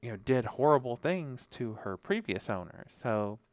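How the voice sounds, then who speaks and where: With lively intonation at a moderate pace, this medium-pitched man co-hosts a horror podcast, casually discussing a horror comic. He wanders off track, uses lots of fillers, and voices the characters' dialogue. The recording is dry.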